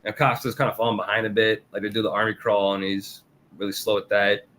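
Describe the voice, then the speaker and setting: A man's voice: level tone, quick pace, fairly bright tone. A man co-hosting a casual review chat, often laughing and acting out character lines. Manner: laughs often, acts out character quotes with raised pitch. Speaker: podcast co-host.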